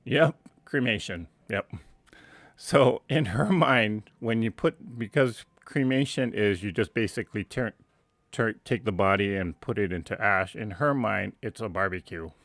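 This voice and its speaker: Low-voiced man telling a family story. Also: unhurried, fairly bright tone, no echo. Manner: rambling, self-correcting, chuckles at his own story. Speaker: host. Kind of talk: casual storytelling on a live stream.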